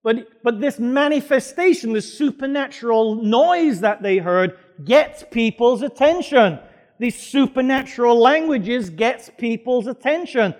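A man's voice: very high voice, lively intonation, measured pace, long reverb tail. A male pastor preaching a sermon to a congregation, emphatic and putting questions to the room. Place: church hall before a congregation.

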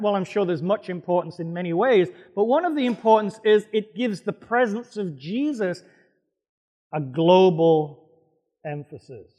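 High-voiced man preaching in a reverberant hall. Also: a little mellow. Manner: emphatic, questioning the congregation. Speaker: pastor. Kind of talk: sermon. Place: church hall before a congregation.

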